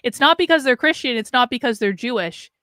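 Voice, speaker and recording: A woman hosts a livestream commentary in a blunt, sarcastic, profane manner. Her voice is bright and crisp, a little high, and sits close and dry on the mic. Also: lively intonation, a little fast, dry recording. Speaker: livestream host.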